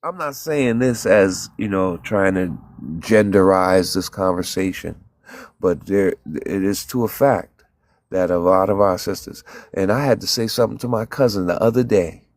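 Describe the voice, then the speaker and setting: A man's voice: low voice, moderate pace, dry recording. A man in a heated group talk, preaching and telling stories with acted-out quotes and some cussing. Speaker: panelist. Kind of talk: impassioned group discussion.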